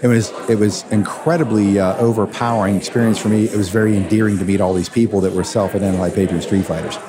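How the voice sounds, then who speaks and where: A fired-up man with a low voice, telling a story in an interview with punchy emphasis. A crowd chatters steadily behind him, so the recording sounds like a busy event hall. He hosts a radio show and talks like a seasoned storyteller. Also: steady tone, quick pace. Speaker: radio host and attorney, guest.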